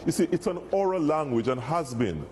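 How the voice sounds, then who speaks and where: Earnest Jamaican reverend explaining. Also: male voice, a little high, expressive, fairly quick, darkish tone. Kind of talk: interview and scripture reading.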